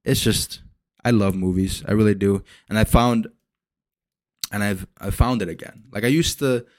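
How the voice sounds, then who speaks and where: A young man hosting a solo podcast, rambling and swearing as he retells movie scenes with lively energy. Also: fairly low pitch, normal speed, no echo. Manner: rambling, profane, animated retellings. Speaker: podcast host. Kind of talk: casual solo podcast rant.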